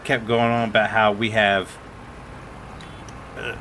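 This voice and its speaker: Bright-voiced man rambling on stream. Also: fairly low pitch, level tone, takes it slowly, slight background noise. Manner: rambling storyteller, quotes others. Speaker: streamer host. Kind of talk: casual gaming chat.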